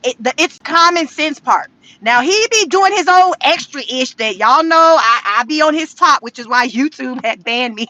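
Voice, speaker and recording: Bright, high-voiced woman ranting casually. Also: moderate pace, no echo, low-quality recording. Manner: animated, laughing, addresses viewers as y'all. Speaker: political commentary host. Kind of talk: casual livestream commentary.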